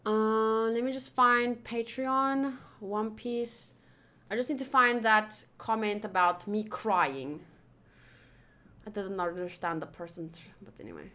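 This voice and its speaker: A woman's voice: a little high, slow, bright, forceful tone. A woman streamer talking casually and rambling, swearing freely as she chats to viewers. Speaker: anime reaction streamer. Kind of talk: casual livestream chat.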